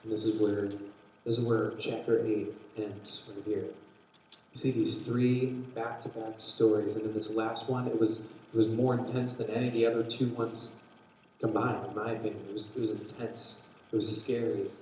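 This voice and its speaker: A man preaching a sermon, telling a Bible story with lively acted-out dialogue and frequent restarts. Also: fairly low pitch, moderate pace, a little hiss or hum. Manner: animated storytelling, acts out quotes, restarts often. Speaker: pastor. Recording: very echoey hall.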